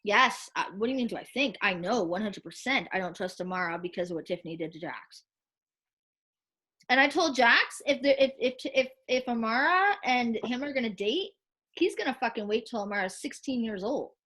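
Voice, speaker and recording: A woman with a high voice talks on a video call. She is blunt, swears often and acts out other people's words as she tells the story. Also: animated, brisk, a bit bright. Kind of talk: heated casual chat.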